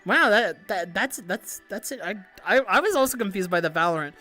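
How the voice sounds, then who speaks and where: A young woman streamer chatting casually with viewers, animated and giggly, swearing often and stumbling over restarts. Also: medium pitch, a little fast, faint music behind. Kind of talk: casual livestream chat.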